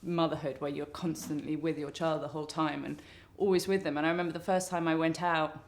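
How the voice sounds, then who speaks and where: A woman's voice: deep voice, flat delivery, a little fast. A woman artist being interviewed, talking in a thoughtful, wandering way with restarts. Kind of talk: reflective interview talk.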